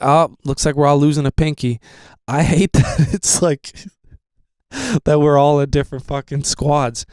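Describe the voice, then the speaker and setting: A man's voice: fairly high pitch, darkish tone, smooth, dry recording. A young man hosting a podcast, rambling casually with lots of fillers and swearing. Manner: rambling, profane, with many fillers. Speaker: podcast host.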